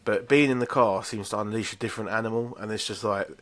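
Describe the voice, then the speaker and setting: A man co-hosting a podcast, speaking in a somewhat low voice. He trades stories in laid-back, sweary casual chat. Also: steady tone, fast talker. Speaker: podcast co-host.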